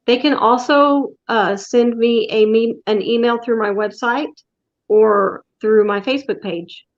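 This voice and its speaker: Woman, shop-owner guest, relaxed and patient, laughs easily, muffled lo-fi call sound. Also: a little high, a little slow. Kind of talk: casual interview over a video call. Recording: dull lo-fi call audio.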